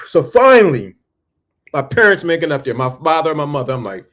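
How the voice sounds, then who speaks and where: Animated stammering male storyteller. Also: on the high side, fast. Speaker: speaker. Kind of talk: storytelling talk.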